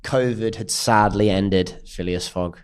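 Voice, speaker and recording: A man's voice: fairly low pitch, measured pace, darkish tone, clean tone. Laid-back young man telling stories. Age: 20s. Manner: self-deprecating storyteller, laid-back. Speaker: podcast guest, DJ. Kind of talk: casual chat.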